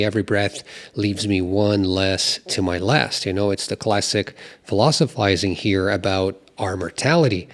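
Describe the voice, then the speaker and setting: A man hosting his own music channel, talking in a relaxed, chatty way full of filler phrases as he walks through song lyrics. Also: fairly low pitch. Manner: relaxed, chatty, many you-knows. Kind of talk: casual talk on song lyrics.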